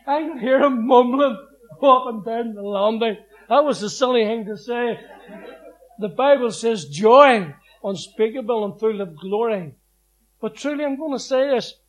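High-voiced man preaching. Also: unhurried, poor audio. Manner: emphatic storyteller, acts out scripture quotes. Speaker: preacher giving his testimony. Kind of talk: personal testimony sermon.

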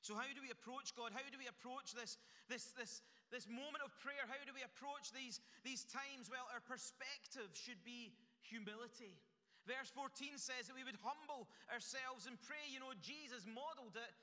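A man's voice: very high voice, moderate pace, bright, forceful tone. A man pastor delivering an earnest sermon in a church, building emphasis through repeated phrases. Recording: echoey church hall.

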